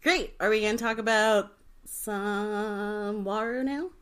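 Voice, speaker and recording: A woman's voice: medium pitch, steady tone, takes it slowly, fairly bright tone. A woman co-hosting a casual podcast chat, blunt and opinionated, with hesitant starts. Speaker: podcast co-host.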